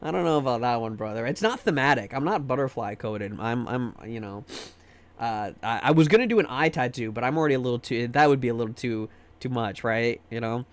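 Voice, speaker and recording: A man's voice: mid-range voice, animated, fairly quick, smooth. A man streaming live, chatting casually and joking with his viewers, often trailing off into repeated fillers.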